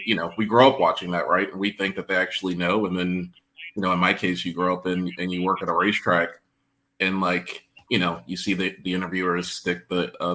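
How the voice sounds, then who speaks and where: A lower-voiced man talking over a video call, bright in tone. He rambles through anecdotes, stopping and restarting often. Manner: rambling storyteller, hesitant. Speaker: guest, performance coach. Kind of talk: casual chat on a video call.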